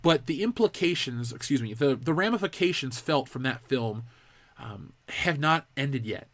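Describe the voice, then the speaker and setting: A man's voice: medium pitch, animated, moderate pace, no room sound. A young man hosting a live pop culture show, ranting in a heated, profane way. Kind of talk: live-stream commentary rant.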